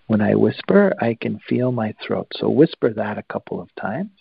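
A man guiding listeners through a breathing exercise, calm and instructive, with long pauses. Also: fairly low pitch, vocal fry, breathy edge, dry recording, dull audio. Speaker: breathing teacher.

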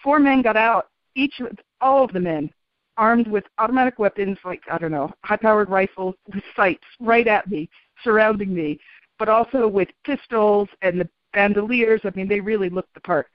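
Woman guest, relaxed storyteller, laughs easily; muffled, dry broadcast sound. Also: medium pitch, normal speed, no echo. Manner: calm, animated, laughs often. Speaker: interview guest. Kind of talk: storytelling in a radio interview. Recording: dull, dry radio sound.

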